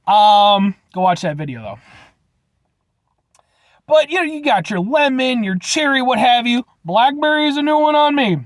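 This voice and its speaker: A man hosting a casual food review vlog from inside his truck, playful and animated, talking straight to his viewers. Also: sits high, no echo. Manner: animated, playful, keeps addressing viewers as folks.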